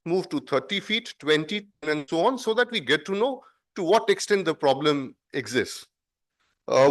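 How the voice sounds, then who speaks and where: A man giving a conference presentation, speaking in a measured, explanatory way and stressing words for effect. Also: fairly high pitch, fairly bright tone.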